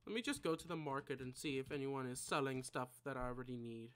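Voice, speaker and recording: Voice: medium pitch, fast, fairly bright tone, clear, resonant tone. A gaming channel creator giving casual gameplay commentary, mumbling and thinking aloud to themself at a desk mic.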